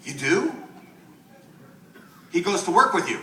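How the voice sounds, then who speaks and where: A man's voice: high-pitched, sing-song, measured pace, pauses often, heavy background noise. A man doing stand-up crowd work, teasing and riffing with people in the audience, recorded live in a comedy club. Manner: teasing, riffs with audience members. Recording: roomy live club from far off. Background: loud crowd laughter.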